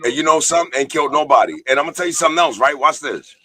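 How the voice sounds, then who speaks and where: A man's voice: fairly high pitch, animated, rapid-fire, sharp tone. A man hosting a live-stream talk show, preaching profanely and reading viewer comments aloud. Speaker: podcast host.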